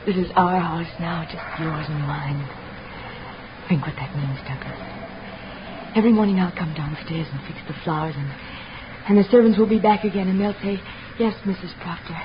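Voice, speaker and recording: Actress doing a clingy scheming young woman, breathy possessive talk, muffled old radio sound, faint hiss. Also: on the low side, normal speed, close to an everyday voice. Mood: obsessive. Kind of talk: 1940s radio acting. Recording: dull lo-fi old radio recording.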